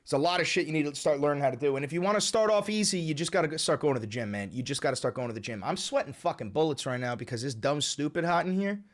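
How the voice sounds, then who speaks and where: A man hosting a live stream in casual chat, ranting excitably with a lot of swearing. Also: a little high, rapid-fire, hardly any pauses.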